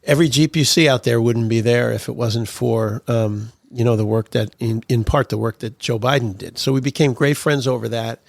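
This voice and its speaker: A man's voice: mid-range voice, moderate pace, gravelly, hardly any pauses, dry recording, clean studio sound. A man telling political anecdotes as a podcast guest, chuckling through his stories. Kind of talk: storytelling interview.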